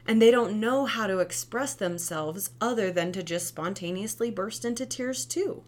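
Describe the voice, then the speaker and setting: A woman who used to teach preschool, giving casual parenting advice in a lively, conversational way and often asking "right?". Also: normal speed, hardly any pauses. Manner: animated, acts out quoted kids and parents with big pitch jumps.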